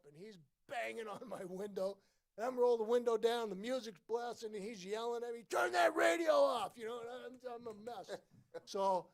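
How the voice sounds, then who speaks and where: A man in his sixties recounts a story at a book event in casual, lively fashion. His voice sits a little high for a man, and he slips into the voices of the people he quotes. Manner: animated anecdote teller, acts out voices in quotes. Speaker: former baseball player, guest.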